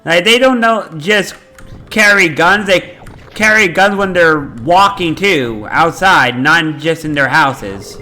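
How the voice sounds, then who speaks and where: A man chatting casually while he plays a game on a live stream, rambling in an animated way and swearing freely. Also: on the high side, slow pace, soft background music.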